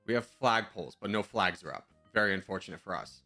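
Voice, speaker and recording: A man's voice: low-pitched, lively intonation, fast, bright, forceful tone, faint music behind. A male streamer in casual live-stream commentary, thinking aloud in a chatty, self-mocking way.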